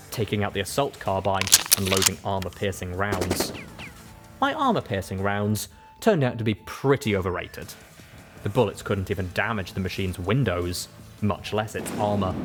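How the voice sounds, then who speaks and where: Male audiobook narrator, lowish register, measured first-person reading.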